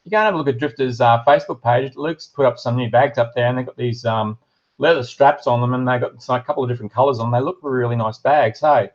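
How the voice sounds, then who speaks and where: A man's voice: medium pitch, quick pace, dull audio. A middle-aged Australian man hosting a casual live stream, reading viewer comments aloud and chatting with lots of ums and uhs. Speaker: livestream host and shop owner.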